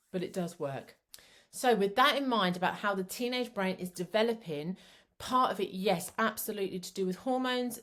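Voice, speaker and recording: A middle-aged woman, a psychotherapist giving a chatty, rambling talk that teaches parents. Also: mid-range voice. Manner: chatty, rambling, self-described waffler.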